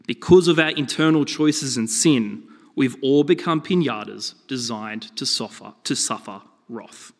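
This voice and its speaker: A man's voice: medium pitch, measured pace. Man preaching in a reverberant hall. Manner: animated storytelling with shifting emphasis. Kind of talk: sermon.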